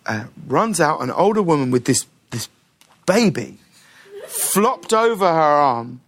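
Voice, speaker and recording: Lively man telling stories. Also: a little high, measured pace. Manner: animated, laughing storyteller. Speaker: talk show host, guest. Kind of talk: casual interview storytelling.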